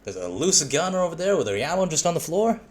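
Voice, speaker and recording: A man putting on a Southern drawl to play a rough, worldly Southern man, speaking low and slow. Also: sing-song. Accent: Southern US, put on.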